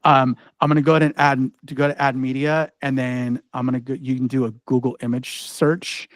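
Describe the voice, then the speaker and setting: A man's voice: mid-range voice, flat delivery, brisk, no echo. A man presenting a live online workshop, talking casually with lots of "like" and "right?" and frequent restarts as he walks through a demo. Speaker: ed-tech trainer presenting a workshop.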